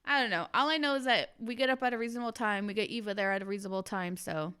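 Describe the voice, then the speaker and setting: A woman's voice: medium pitch, rapid-fire, sharp tone, clean tone. A woman co-hosting a casual podcast chat, talkative and teasing her partner. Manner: chatty, teasing, laughs often. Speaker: podcast co-host.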